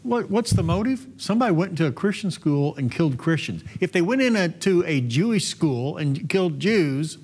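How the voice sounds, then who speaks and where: A man's voice: a little high, big pitch swings, moderate pace, hardly any pauses, a little mellow, husky. A man co-hosting a talk show, agreeing readily with the host and asking pointed rhetorical questions.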